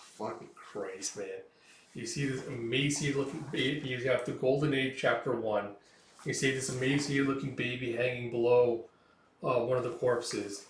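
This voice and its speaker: A man's voice: medium pitch, slight background noise. A man narrating a comic casually, with many fillers and reactions. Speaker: manga read-along host. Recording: roomy echo, distant mic.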